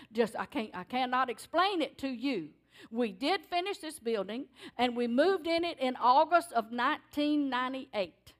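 An older woman giving a sermon in church, telling stories in an animated, emphatic way. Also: high voice. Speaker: church speaker. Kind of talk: sermon testimony.

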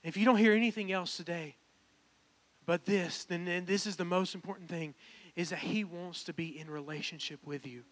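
A man's voice: high-pitched, steady tone, moderate pace. A young man, preaching a personal, earnest sermon that builds to emphatic calls. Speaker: pastor. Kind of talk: sermon with altar call.

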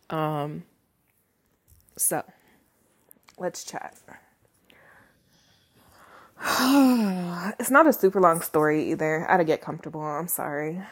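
Brisk and barely pausing, a young woman with a low-pitched voice chats loosely on her home podcast, holding a handheld microphone. The recording is dry, and her talk rambles with many fillers, regular laughs and the odd swear word.

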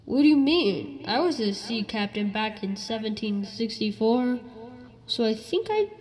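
A man's voice: high voice, animated, measured pace. A young man voicing a drunken, rum-obsessed undead pirate captain in a comedy podcast, with blustering pirate talk. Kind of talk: improvised comedy podcast role-play.

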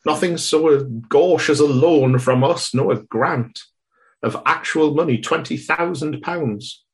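A man's voice: fairly high pitch, unhurried, gravelly. A man playing a fussy Cambridge professor on a phone call, rambling and hesitant with a pompous edge.

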